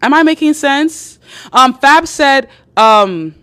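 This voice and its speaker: A woman's voice: high-pitched, expressive, slow, bright, forceful tone. Woman live-streamer, chatty and blunt, swears freely, repeats herself for emphasis. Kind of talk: live-stream chat reading viewer comments.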